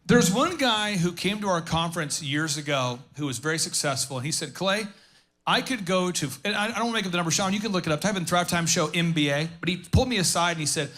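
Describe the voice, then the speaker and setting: A high-pitched man with a bright, cutting tone runs a business seminar. He talks fast and jokes a lot, and he keeps tossing quick questions at the audience in the auditorium. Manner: fast, jokey, riffing asides and audience questions. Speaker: business conference speaker. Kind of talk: energetic live seminar talk. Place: conference auditorium stage.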